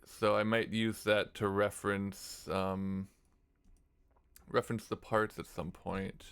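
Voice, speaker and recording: Low-voiced man thinking aloud. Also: slow pace, vocal fry, smooth. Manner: relaxed, thinking aloud, mumbles and scats melodies. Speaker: music streamer composing. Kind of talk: casual livestream talk. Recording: faint music under voice.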